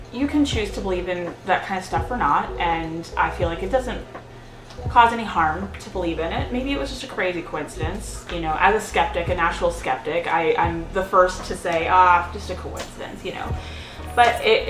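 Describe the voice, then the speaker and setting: A woman's voice: fairly low pitch, expressive, a little fast. A woman vlogging at home in a casual, rambling way, with many fillers and restarts. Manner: sings out baby talk to her pets. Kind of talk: casual chatty vlog. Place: at home indoors. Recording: echoey room with music behind.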